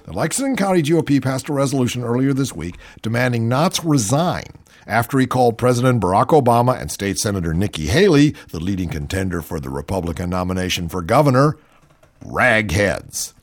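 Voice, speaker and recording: Animated sarcastic male talk host. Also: medium pitch, a little fast. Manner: mocking, animated, reads news aloud. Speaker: radio talk show host.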